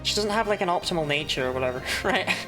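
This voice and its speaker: A woman's voice: on the low side, lively intonation, fast, over music. A woman chatting casually while streaming a game, laughing often and swearing now and then. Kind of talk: casual live-stream commentary.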